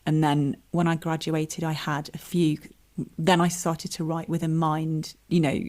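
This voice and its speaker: This is a woman talking through her early career on a podcast. Her voice sits a little low, and she tells her stories in a relaxed, self-mocking way, laughing now and then. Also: unhurried. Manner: chatty, self-deprecating, laughs while telling stories. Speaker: comedian and writer, guest. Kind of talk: relaxed interview chat.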